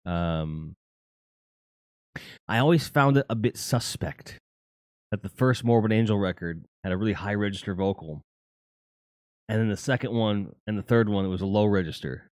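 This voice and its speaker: A man's voice: on the low side, normal speed, pauses often, no echo, clean studio sound. A man hosting a casual, rambling and jokey chat about music. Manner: rambling and jokey, with lots of fillers and laughs. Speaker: host.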